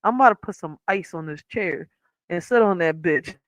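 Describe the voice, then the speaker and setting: A woman's voice: fairly low pitch, animated, normal speed, dry recording, rough recording. A woman hosting a livestream from her chair at home, telling a story in a casual, profane, laughing way. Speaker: livestream host. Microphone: wearing headphones.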